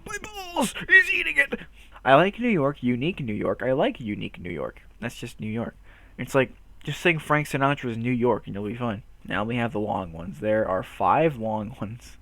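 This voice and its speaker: A man's voice: mid-range voice, lively intonation, normal speed, no room sound. A man hosting a casual vlog, playfully trying tongue twisters, stumbling, swearing and laughing at himself. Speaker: channel host.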